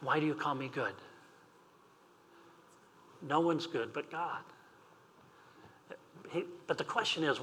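In a church sanctuary, an older male pastor with a medium-pitched, sharp-toned voice reads scripture aloud and then shares personal stories with light humor. His sermon is recorded with long reverb from the large hall.

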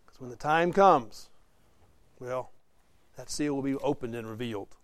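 On a dry recording, a man with a medium-pitched voice leads a Bible study a bit slowly. He keeps it conversational, putting questions to his class and performing the quotes as he reads them.

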